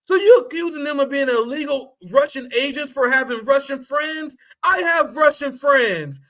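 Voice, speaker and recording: A man with a high, bright, sharp voice hosts a casual political livestream. He is blunt and profane and mocks his targets. He laughs at his own punchlines. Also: expressive, moderate pace. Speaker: host.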